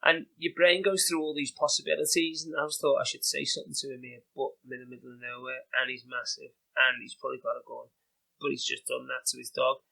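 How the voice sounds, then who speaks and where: A man with a Liverpool Scouse accent, a podcast guest telling animated, chatty stories with lots of "you know" and "like". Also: medium pitch, quick pace, creaky, low-quality recording. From England. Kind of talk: casual anecdotal storytelling.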